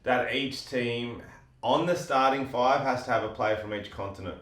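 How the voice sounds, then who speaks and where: A man's voice: medium pitch, moderate pace, a bit bright. A man, guesting on a casual podcast, bantering in a dry, laid-back way. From Australia. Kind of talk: casual comedic podcast chat. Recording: echoey room, mic at a distance.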